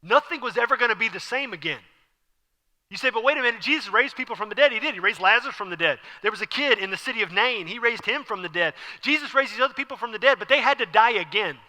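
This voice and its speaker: A man preaching an animated sermon as pastor, acting out scenes with sudden whispers and exclamations. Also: high-pitched, fast talker. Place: church sanctuary. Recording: church hall with long reverb.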